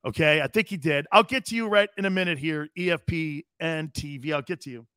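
A middle-aged man from Connecticut hosting a sports radio show, loud and rambling, laughing and doing voices for his stories. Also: on the high side, a little fast, clean tone, no room sound, clean studio sound. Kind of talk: animated sports talk.

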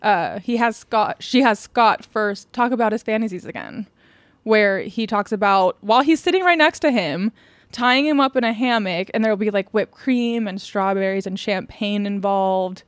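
A woman's voice: mid-range voice, expressive, normal speed, no room sound. A woman co-hosting a podcast, casually retelling a true-crime case from her notes, laughing often and swearing offhandedly. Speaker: podcast co-host.

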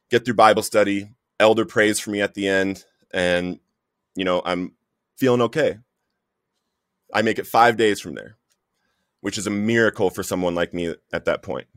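A man's voice: low-pitched, fairly bright tone, no room sound, clean studio sound. A man giving an earnest, emotional personal testimony in conversation, often calling the listener "bro". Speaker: guest sharing recovery story.

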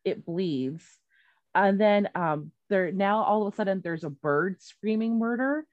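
A woman's voice: medium pitch, a little slow, no room sound, highs cut off. A woman retelling a story in casual chat, rambling and swearing freely, with many fillers and restarts.

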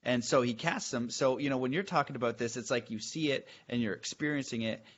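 A man's voice: medium pitch, fairly quick, a bit bright. Eager male podcast host, slightly muffled. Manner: enthusiastic, searching, restarts his questions. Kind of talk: casual chat.

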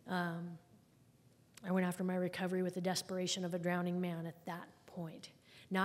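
A woman telling her personal recovery story to a group at a meeting, candid and conversational, with wry humor. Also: on the low side. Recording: long hall reverb.

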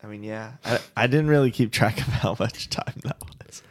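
A man's voice: fairly low pitch, normal speed. A man co-hosting a podcast, chatting casually in an easygoing, laid-back way. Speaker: podcast co-host. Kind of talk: casual chat.

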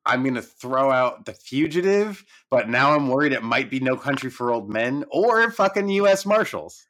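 A man co-hosting a podcast in excitable, casual chat with his friend. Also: medium pitch, normal speed. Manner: excitable, laughing, swears. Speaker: podcast co-host.

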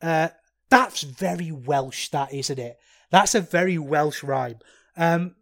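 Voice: mid-range voice, takes it slowly, fairly bright tone. A speaker giving a solo, casual wrestling match review in a rambling, chatty way with self-deprecating asides.

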